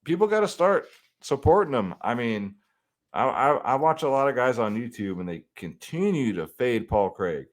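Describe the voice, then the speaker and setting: A man's voice: mid-range voice, very animated, normal speed. Laid-back man breaking down fight picks. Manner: laid-back and conversational, swears freely and says "man" often. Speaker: fantasy sports picks host.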